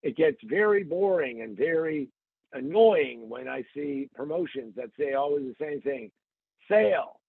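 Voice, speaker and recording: A man hosts a podcast in a loose, joking way, telling stories with playful asides. His voice sits a little high, with a gravelly, husky edge. It comes through a tinny, phone-like line with a dry sound. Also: normal speed, no room sound. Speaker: podcast host. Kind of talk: casual comic podcast chat.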